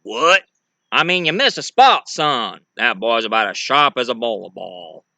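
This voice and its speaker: A man voicing a loud, pompous cartoon rooster with a blustery drawl. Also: mid-range voice, lively intonation, a little slow, dry recording, voice pushed down. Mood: bossy.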